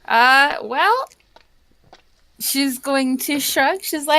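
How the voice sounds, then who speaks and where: Brief: woman with a higher voice, sassy, casual game chat. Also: very slow, pauses often, sharp tone. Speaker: player.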